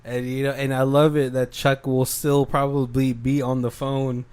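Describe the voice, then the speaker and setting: A man's voice: mid-range voice, little pitch movement, normal speed, darkish tone, clean tone. A man co-hosting a podcast, casually recapping a horror film and acting out the characters' lines. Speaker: podcast co-host.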